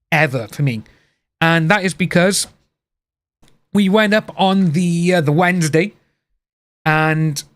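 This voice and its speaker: A man's voice: fairly high pitch, no room sound. Man telling a rambling story. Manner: rambling personal storytelling with asides. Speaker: live-stream host. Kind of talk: casual live-stream chat.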